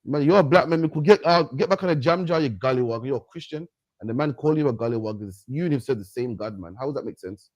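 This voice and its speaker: A man's voice: medium pitch, expressive, fast, a little mellow, dry recording. A man preaching in an emphatic rant on a livestream, ending his lines with "man". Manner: emphatic, repeats "man" at line ends. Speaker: street preacher and host.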